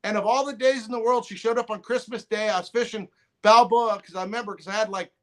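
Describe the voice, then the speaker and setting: At a quick pace and in a high-pitched voice, a middle-aged man rambles through a long story on a podcast. It's casual storytelling full of restarts, and he performs others' lines in lively voices.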